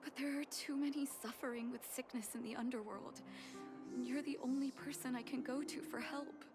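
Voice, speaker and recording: An actress voicing an earnest, caring young woman doctor in a video game, speaking softly and sincerely. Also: high voice, fairly even intonation, normal speed, lightly acted. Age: young adult. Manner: soft, sincere, emotional. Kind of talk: game voice acting. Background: game music.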